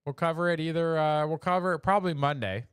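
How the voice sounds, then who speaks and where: A man's voice: on the high side, fast talker, clean tone, no room sound. Chatty man with a dry close sound. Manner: joking and chatty, laughs at own jokes. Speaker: show host. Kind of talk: casual commentary on memes.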